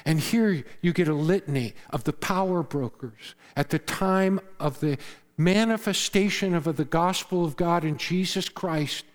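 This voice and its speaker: A man preaching a sermon as pastor, earnest, rising to loud emphasis and dropping to hushed tones. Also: a little high, a little slow, in a large hall. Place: church sanctuary.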